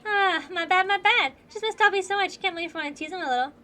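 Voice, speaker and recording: A woman's voice: very high-pitched, pushed and bright, voice pushed up. A woman voicing a brash, teasing young woman mercenary who drags her words out playfully. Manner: playful taunting, drawn-out words. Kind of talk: voicing game dialogue.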